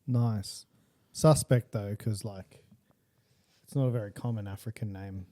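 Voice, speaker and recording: A man, a guest on a comedy podcast, making dry, deadpan quips in casual chat. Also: lowish voice, unhurried, no echo.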